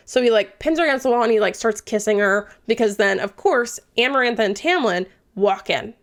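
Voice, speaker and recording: A woman's voice: fairly high pitch, fairly quick, few pauses. A young woman recapping a book in a chatty, casual way, swearing freely and dropping into whispered asides. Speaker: book reviewer.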